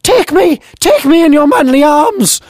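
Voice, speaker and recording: A man doing a shrill, shocked woman. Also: very animated, measured pace, darkish tone, dry recording, studio quality, heavily acted. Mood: swooning. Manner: shrill, exclamatory. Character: shocked young woman friend, squeaky.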